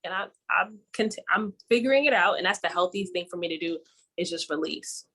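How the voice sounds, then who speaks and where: A woman's voice: fairly low pitch, a little fast, a bit bright, a little hiss or hum. A woman co-hosting a casual podcast chat, telling laid-back stories about her routines. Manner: chatty, storytelling, laid-back. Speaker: podcast co-host.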